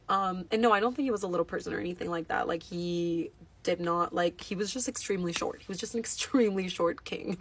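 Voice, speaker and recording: A woman casually wrapping up her dating story, chatty and laughing often. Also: medium pitch. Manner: chatty, laughs while talking, lots of fillers. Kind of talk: casual story time monologue.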